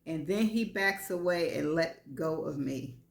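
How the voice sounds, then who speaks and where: In an echoey room, a woman gives a live reading of frank first-person fiction, wry and laughing between lines. Her voice sits low, unhurried and creaky.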